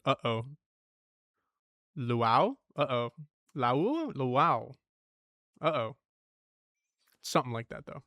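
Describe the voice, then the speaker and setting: A man's voice: mid-range voice, a bit bright, smooth, no room sound, studio quality. A young man streaming himself solving word puzzles, thinking aloud, swearing and muttering clues to himself.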